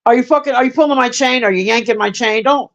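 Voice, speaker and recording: A man with a high-pitched voice streams live, chatting casually with his viewers. He swears freely and rambles with plenty of fillers, calling out people in chat by name. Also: fast talker, a bit bright. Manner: profane, rambling, with many fillers; talks straight to chat by name.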